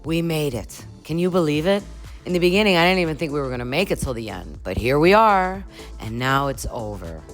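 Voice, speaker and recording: Low-pitched woman host, playful and joking, comedic commentary. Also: big pitch swings, brisk, faint music behind.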